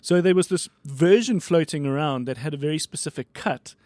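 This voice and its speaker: A man with a fairly high voice chats casually as a podcast host, jumping up in pitch as he tells his stories. The sound is dry and close, with no room around it. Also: no room sound. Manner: animated storyteller with quick pitch jumps. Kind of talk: casual chat.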